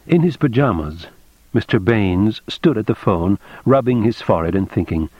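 Low husky male audiobook narrator. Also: animated, moderate pace, no room sound. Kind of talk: scripted narration. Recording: dull dry lo-fi recording.

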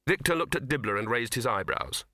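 A man reads a novel aloud in steady, measured narration. His voice is bright and clear, and the recording is close and dry with no room sound. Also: mid-range voice, no room sound. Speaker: audiobook narrator. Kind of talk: scripted narration.

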